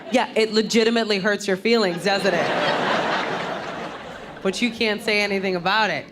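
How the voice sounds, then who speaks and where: A woman's voice: mid-range voice, steady tone, moderate pace. A woman performing stand-up comedy on stage, talking chattily with the crowd and asking it questions. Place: comedy stage before a live audience. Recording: live stage recording with audience laughter and noise.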